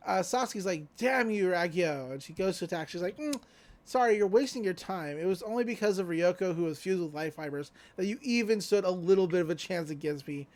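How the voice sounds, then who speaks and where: Chill podcast host rambling through a recap, mid pitch, lots of um and like. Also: expressive, fairly quick, a little mellow. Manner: laid-back, loose retelling with many fillers and offhand quotes. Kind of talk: casual recap chat.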